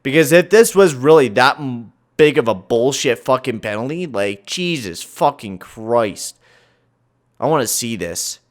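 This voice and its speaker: A young man commentating his own hockey video game, swearing, yelling at the game, then grumbling low. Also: animated, measured pace. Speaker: gaming channel host.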